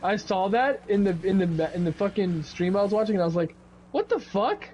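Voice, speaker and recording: A young man talks loosely over gameplay, swearing and leaping into high, squeaky mock quotes. His voice sits high but soft and mellow in tone. A faint hum of noise sits under the recording. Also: fast talker. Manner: animated, swears freely, quotes himself in sudden high outbursts. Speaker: co-host of a gaming video. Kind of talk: casual gaming chat.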